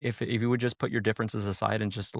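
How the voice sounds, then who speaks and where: A man with a lowish, gravelly voice talks on a podcast in a loose, rambling way. He leans on "like" and "you know" and swears freely. The sound is close and dry. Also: little pitch movement, fast talker, no echo. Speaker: podcast co-host, sheriff's deputy. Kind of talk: casual podcast chat.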